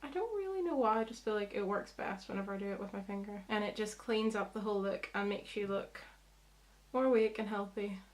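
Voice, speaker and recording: A woman's voice: medium pitch, a little fast. A young woman, chatting through a makeup tutorial as a beauty vlogger, explaining each step.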